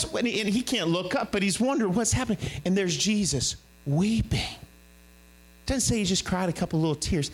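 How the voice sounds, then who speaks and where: Man, guest preacher, high voice, animated sermon, faint mains hum. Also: a little fast, poor audio. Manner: animated, shifting pitch and pace widely.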